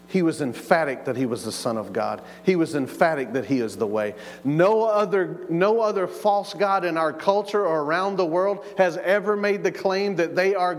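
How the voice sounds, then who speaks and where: Male pastor, emphatic sermon, repeats himself, acts out quotes, church hall reverb. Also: fairly high pitch. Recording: long reverb of a large hall.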